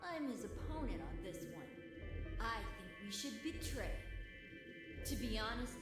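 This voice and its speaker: A woman's voice: a little high, very animated, measured pace. A woman voicing a young boy in a video game, whiny and indignant. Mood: scheming. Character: young boy, pleading then furious. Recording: game audio with music; echoey playback.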